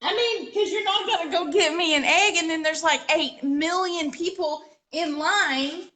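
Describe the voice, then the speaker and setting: A woman's voice: extremely high pitch, measured pace, sharp tone. A woman co-hosting a live DIY show, chatting casually and laughing easily. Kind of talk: casual chat.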